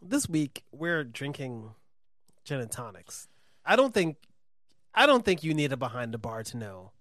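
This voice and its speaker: A man hosting a podcast, playful and crude, cracking quick jokes in casual banter. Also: medium pitch, very animated, a bit bright, no echo, studio quality. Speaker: podcast host.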